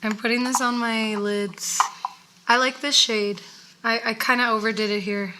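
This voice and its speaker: A woman co-hosting a casual makeup chat, a little hoarse from losing her voice, chatty and playfully sarcastic. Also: fairly high pitch, fairly even intonation, normal speed, noisy background. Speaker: co-host.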